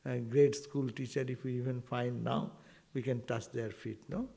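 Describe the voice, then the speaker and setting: A man giving an informal spiritual talk to devotees, animated and full of rhetorical asides. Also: medium pitch, normal speed, gravelly. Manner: animated, rhetorical asides, quotes Sanskrit verses.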